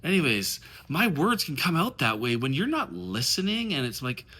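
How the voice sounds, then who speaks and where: A man's voice: on the high side, huge pitch swings, moderate pace, bright, forceful tone. A man who coaches on dating, talking casually to the camera in a passionate, rambling rant full of swearing.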